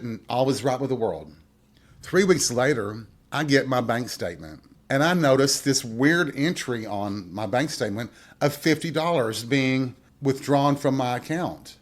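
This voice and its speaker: Candid man telling a story, wry. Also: mid-range voice. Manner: candid, wry and profane, talking straight to listeners. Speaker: podcast host. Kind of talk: personal storytelling monologue.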